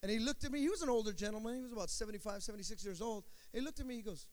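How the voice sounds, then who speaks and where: High-voiced preaching man. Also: lively intonation. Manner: call-and-response preaching, drawn-out emphatic words. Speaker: pastor. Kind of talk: sermon.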